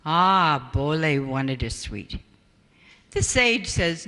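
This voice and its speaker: A woman giving a public talk on parenting, telling stories in an emphatic, animated way. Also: sits low, slow. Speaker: parenting speaker. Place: lecture hall. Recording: echoey hall reverb.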